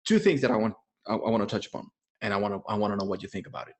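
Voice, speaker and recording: A man hosting a podcast in casual chat, talking in a profane, fast and animated way with frequent laughter. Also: on the low side, very noisy. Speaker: podcast host; image consultant.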